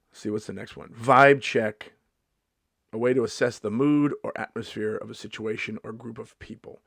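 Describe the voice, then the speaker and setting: A man's voice: mid-range voice, gravelly, fairly bright tone, no room sound, clean studio sound. Sarcastic Gen X man in his fifties. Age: 50s. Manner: sarcastic, mock-indignant, swears freely. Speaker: comedian. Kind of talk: comedic vlog monologue.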